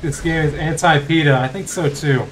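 A man's voice: on the high side, fairly even intonation, normal speed, a little hiss or hum. A man streaming a video game, joking crudely and talking to the game and his chat in casual commentary.

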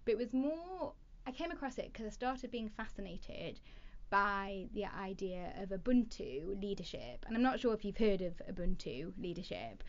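Lively storytelling woman, muffled recording. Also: medium pitch. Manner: lively storyteller with hesitant restarts. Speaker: podcast guest, talent development leader. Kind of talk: casual interview chat.

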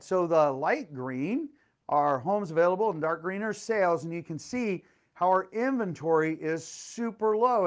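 A middle-aged man talks in a high, bright voice that jumps all over the place. He chats casually as a real estate agent, with plenty of fillers and playful exclamations. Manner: animated, chatty, full of fillers and playful exclamations. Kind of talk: casual vlog storytelling and market update.

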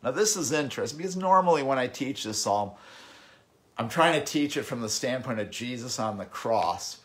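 A male pastor preaching a sermon. He reads scripture slowly and deliberately, repeats words as he thinks, and swings between loud, emphatic bursts and quieter stretches. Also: mid-range voice, lively intonation.

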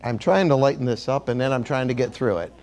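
A man's voice: mid-range voice, fast, a little mellow. A man preaching a sermon as a bishop in a church, joking and calling on the congregation to repeat words after him.

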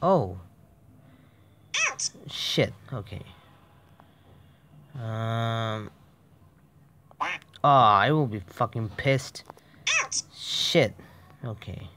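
A man's voice: medium pitch, expressive, very slow, pauses often, bright, forceful tone, a little hiss or hum. Cursing, frustrated man gaming on his phone. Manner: swears constantly, swings between muttered whispers and sudden yelps. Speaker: mobile game player. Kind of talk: gaming commentary.

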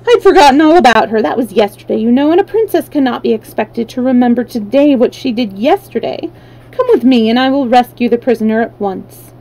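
A woman voicing a vain, haughty princess with a quick temper and drawn-out, imperious words. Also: on the high side, animated, mellow, poor audio. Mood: airy.

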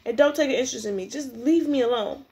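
Woman reading as a withdrawn bullied teen boy, quiet and pleading, close to her own voice. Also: high-pitched, fast talker. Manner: pleading, subdued.

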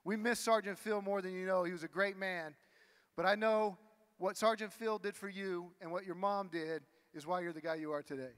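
Male presenter, tribute-giving, bright, in a reverberant hall. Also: high voice, fairly even intonation, normal speed, smooth. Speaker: presenter interviewing the honoree on stage. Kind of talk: on-stage interview at an awards dinner. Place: banquet hall.

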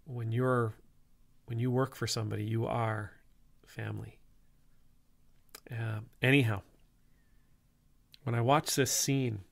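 Male priest, gravelly voice, halting and conversational. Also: mid-range voice. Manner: rambling, halting, full of restarts. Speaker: Anglican priest. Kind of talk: casual spoken reflection.

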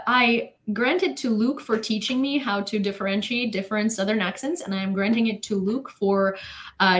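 A woman from Ukraine with a slightly high voice chats loosely with her viewers on a live stream. She giggles often and scatters "like" and "um" through her talk as she reads out news updates. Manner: chatty and giggly, heavy use of "like" and "um". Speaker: streamer reading war news. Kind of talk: casual live chat with viewers.

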